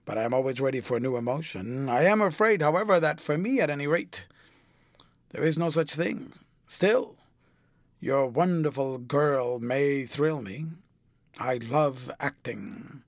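A man voicing a witty, cynical aristocratic gentleman who drawls out airy, amused epigrams in an audiobook reading. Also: medium pitch, lively intonation, unhurried, no echo, clean studio sound. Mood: lively.

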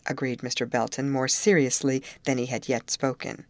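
A woman reading a novel aloud in calm, even storytelling. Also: extremely low pitch, moderate pace, few pauses, dry recording. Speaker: audiobook narrator. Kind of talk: scripted narration.

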